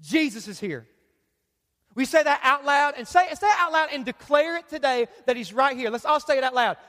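A man preaching a sermon as pastor, emphatic and repetitive, building up to shouts. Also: very high voice, lively intonation, a little fast. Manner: emphatic preaching, repeats phrases, rises to shouts. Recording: long reverb of a large hall.

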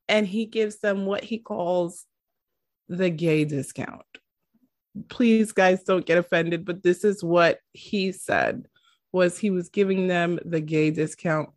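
Animated woman podcast host, dry sound. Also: mid-range voice, no echo. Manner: animated, laughs often, dramatic asides. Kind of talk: casual chat.

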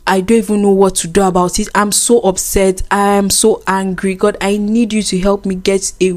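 A woman's voice: medium pitch, level tone. A woman co-hosting a casual faith chat, earnest and teasing. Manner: earnest, teasing, quick laughs. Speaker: co-host.

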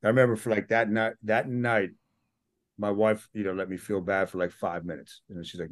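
A man's voice: lowish voice, moderate pace, dry recording, clean studio sound. A middle-aged man, a podcast guest, telling a personal story in a casual interview and acting out what people said. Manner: animated storyteller, acts out quotes.

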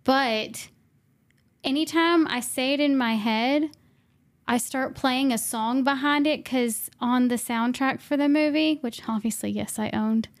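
A woman's voice: sits high, a little slow. A woman co-hosting a podcast in casual chat, enthusiastic and giggly, now and then quoting movie lines. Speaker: podcast co-host.

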